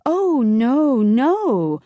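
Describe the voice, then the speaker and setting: A woman's voice: sits high, very animated, very slow, mellow, no echo, studio quality, voice pushed up, full character voice. A woman voicing a nervous Canadian woman who is hesitant and apologetic, in an audiobook. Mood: evasive. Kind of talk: audiobook character voice.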